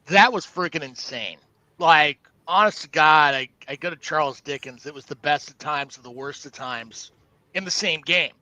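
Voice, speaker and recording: A man with a high, bright and forceful voice co-hosting a live sports talk stream, recorded close and dry. He talks in an animated way, stammering through restarts as he gives blunt opinions about the games. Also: moderate pace, no echo, lo-fi sound. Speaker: co-host.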